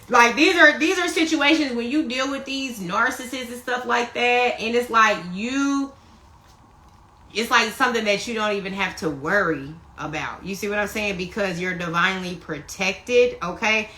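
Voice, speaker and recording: A woman giving a casual spiritual tarot reading on a phone live stream, animated and profane, who keeps checking in with her listeners. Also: fairly high pitch. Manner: animated, profane, keeps asking "you see what I'm saying". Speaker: tarot reader.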